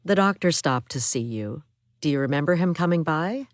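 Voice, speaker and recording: A woman's voice: sits low, animated, normal speed, dry recording, studio quality. A woman voicing a soothing nurse. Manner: soothing, reassuring.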